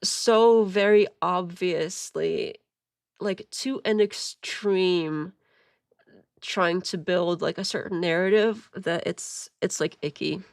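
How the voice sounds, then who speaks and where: A woman's voice: on the low side, takes it slowly, vocal fry, no echo, clean studio sound. A woman streamer commenting casually and sarcastically, rambling with many fillers and laughing at her own jokes. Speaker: streamer reacting to a call.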